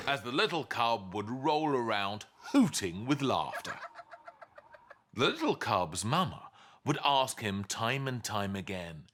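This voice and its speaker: Male storybook reader, bright and forceful, slow and deliberate, very animated delivery. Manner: highly animated, with big swings into sound effects. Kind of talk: reading a children's picture book aloud.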